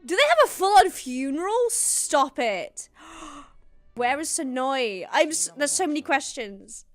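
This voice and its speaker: A woman's voice: sits high, big pitch swings, a little slow, no room sound, soft background music. A woman hosting a reaction video, exclaiming, gasping and laughing as she watches. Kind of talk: excited reaction commentary.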